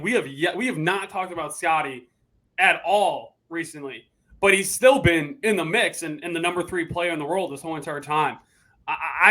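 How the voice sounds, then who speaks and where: A man co-hosting a casual sports podcast, with a voice a bit higher than usual. He argues his points at length in an opinionated, conversational way. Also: fairly bright tone. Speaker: podcast co-host.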